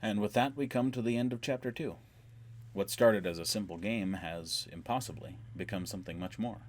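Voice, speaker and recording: A man narrating an audiobook in a calm, measured way. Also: fairly low pitch.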